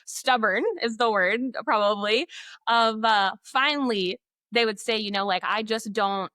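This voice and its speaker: A woman educator in an interview, telling classroom stories in an animated way, acting out students and laughing often. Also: on the high side, measured pace, no room sound, studio quality. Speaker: guest, literacy educator. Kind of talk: conversational interview.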